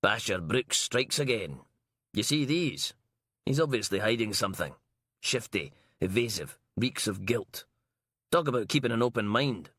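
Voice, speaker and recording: A man's voice: on the low side, expressive, normal speed, a bit bright, husky, no room sound, studio quality. Man voicing a sweary female inspector. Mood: sarcastic. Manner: sweary, sarcastic, ranting. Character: foul-mouthed brash female detective inspector.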